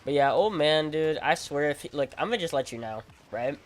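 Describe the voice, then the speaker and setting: A man's voice: on the high side, animated, fairly quick. A man streaming a game, chatting casually in slang, rambling and repeating himself as he tells stories. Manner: casual slang, says "bro" and "freaking". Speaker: gaming streamer. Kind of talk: casual livestream chat while playing.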